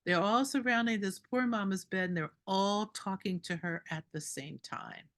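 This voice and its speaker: A woman doula telling a story at a group meeting, animated and indignant, laughing between lines. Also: medium pitch, normal speed.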